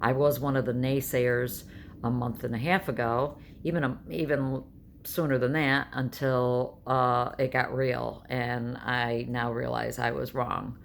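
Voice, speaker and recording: A woman's voice: rumbling low, level tone, a little slow, creaky, a little hiss or hum. A woman, telling stories in a blunt, chatty home vlog. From New York State. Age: 60s. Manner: chatty storyteller, blunt and emphatic. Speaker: vlogger. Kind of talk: casual vlog monologue.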